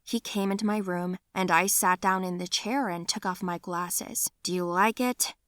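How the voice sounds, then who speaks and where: A young woman tells her story for an animated storybook, bright and crisp in tone, throwing herself into the emotional moments. Her pitch sits in the middle, and the recording is dry and close. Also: moderate pace, no room sound. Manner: emotional storytelling, acting out her own cries. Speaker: narrator. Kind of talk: first-person animated story narration.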